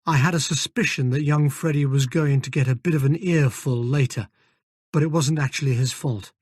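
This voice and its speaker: Male audiobook narrator, measured first-person telling, fairly high voice, dry booth sound. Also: darkish tone, slightly rough, dry recording. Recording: dry close studio recording.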